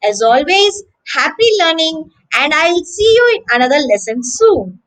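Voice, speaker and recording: Female teacher for a kids' pronunciation lesson: animated, sing-song delivery, breaks words into syllables. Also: sits high, a little slow, slight background noise, rough recording. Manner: syllable-by-syllable, encouraging, addresses children. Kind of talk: slow drilled pronunciation lesson.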